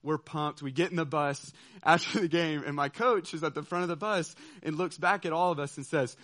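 Animated man telling a story. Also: on the high side, moderate pace. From southeastern United States. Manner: animated, laughing, checks in with listeners. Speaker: speaker telling a personal story. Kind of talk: storytelling talk.

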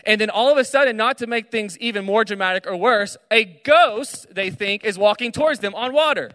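A young man preaching casually to students from a stage, retelling a story with animated asides. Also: sits high, a little fast, hardly any pauses, no echo, in a large hall. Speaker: speaker at a student gathering. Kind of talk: energetic sermon. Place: large hall on a stage.

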